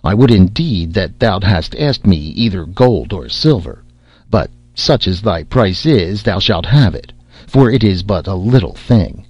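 Earnest, reckless young fisherman, a man reading him, deep and breathy, dry sound. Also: big pitch swings, a little slow, darkish tone, dry recording, exaggerated voice. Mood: eager. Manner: earnest, pleading. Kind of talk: audiobook character reading. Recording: slightly dull lo-fi audio.

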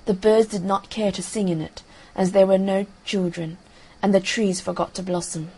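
A woman narrating a fairy tale audiobook in a calm, measured storytelling manner. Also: medium pitch, husky, low-quality recording.

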